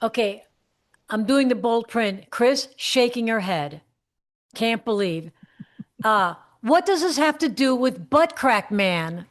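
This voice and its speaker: A woman's voice: on the high side, animated, slow pace. A woman co-hosting a casual talk show who keeps reining in her co-host. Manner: exasperated, reins in her co-host. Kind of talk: casual chat.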